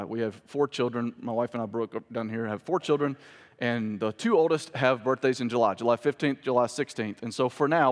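Male pastor, 30s, chatty sermon delivery that swells on key points, reverberant hall. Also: medium pitch. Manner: conversational preaching, rising for emphasis.

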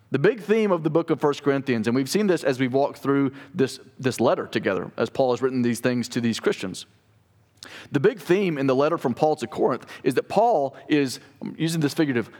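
A male pastor, giving a conversational sermon full of rhetorical questions to his congregation. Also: mid-range voice.

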